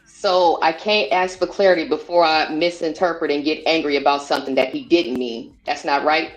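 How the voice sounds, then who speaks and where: A woman's voice: low-pitched, steady tone, moderate pace, soft background music, poor audio. A woman on a podcast panel, questioning the others and defending her point. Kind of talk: panel debate.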